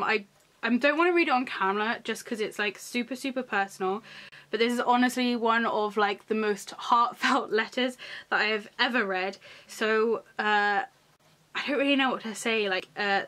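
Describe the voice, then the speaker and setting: Young girl, kinda high voice, gushy unboxing chat, lots of gasps and likes, bit of faint noise behind. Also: fairly bright tone. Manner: gushing, gasps often, many "like" fillers. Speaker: vlogger.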